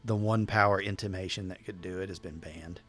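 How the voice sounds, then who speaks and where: Male game master, very low voice, halting, reassuring, faint music under it. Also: fairly even intonation, a bit bright. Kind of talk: narrating a tabletop game.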